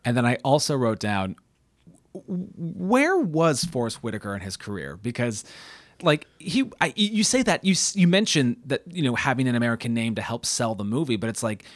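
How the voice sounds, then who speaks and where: A man's voice: medium pitch, sing-song, moderate pace, no room sound. A man co-hosting a casual film discussion, thoughtful and hesitant, often restarting sentences. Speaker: podcast co-host.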